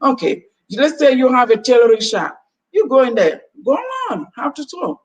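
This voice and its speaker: A woman's voice: fairly high pitch, animated, normal speed, lo-fi sound. Earnest woman, distant mic. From Gambia. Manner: earnest, preachy, acts out quoted exchanges. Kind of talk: motivational talk show chat. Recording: distant mic with faint background noise.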